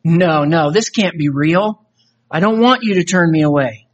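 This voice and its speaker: A man's voice: fairly high pitch, moderate pace, highs cut off, lightly acted. A man voicing a young man who has just died, begging tearfully and stammering to be let into heaven. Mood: desperate pleading. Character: young man newly dead, desperately pleading at heaven's gate.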